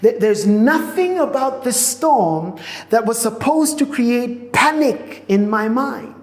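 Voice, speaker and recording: A woman pastor preaching a sermon in a church auditorium. She speaks in slow, repeated phrases and often restarts her sentences. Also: fairly high pitch, lively intonation, darkish tone. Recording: echoey hall with long reverb.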